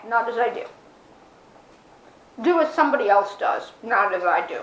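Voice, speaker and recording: A fairly high-voiced woman chats straight to her camera at home, rambling along and poking fun at herself. The room gives her voice a noticeable echo. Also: lively intonation, normal speed, a bit bright. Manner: chatty, self-mocking, rambling. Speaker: vlogger. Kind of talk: casual chat to camera. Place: indoors at home, with her dog nearby. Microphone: camera mic, fisheye action camera.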